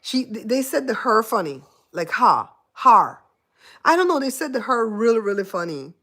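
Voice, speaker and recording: A woman's voice: a little high, sing-song, a little fast. A Belizean woman hosting a casual livestream chat, laughing often and teasing her viewers. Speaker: host.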